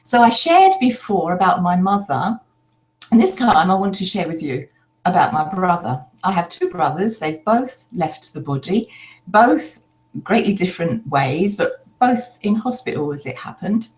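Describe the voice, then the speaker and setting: An older woman telling a personal story in a slow, reflective way, pausing often as she speaks. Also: lowish voice, big pitch swings, a little mellow. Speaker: spiritual speaker.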